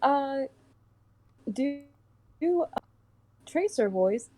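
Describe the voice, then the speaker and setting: A woman's voice: high voice, expressive, extremely slow, a little mellow, slight background noise, poor audio. A woman who works as a voice actress, guesting on a livestream, chatting casually and playfully with many ums over remote voice chat.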